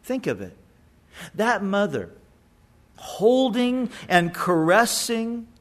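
A middle-aged male pastor preaching a sermon in a conversational way, often repeating words as he goes. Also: high-pitched. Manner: conversational, stumbling repetitions.

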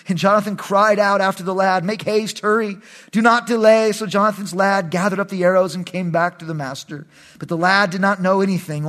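A man's voice: sits high, fairly bright tone. A man pastor reading scripture dramatically and teaching, with joking asides. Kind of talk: Bible study teaching.

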